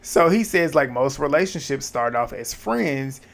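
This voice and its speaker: A man's voice: medium pitch, measured pace, creaky. Man casually recapping a reality show. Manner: animated retelling with quoted back-and-forth and asides.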